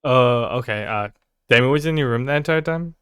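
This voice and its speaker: A man narrating as game master in a tabletop game, talking in a halting way with frequent restarts. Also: mid-range voice, a bit bright, clear, resonant tone, no echo, studio quality.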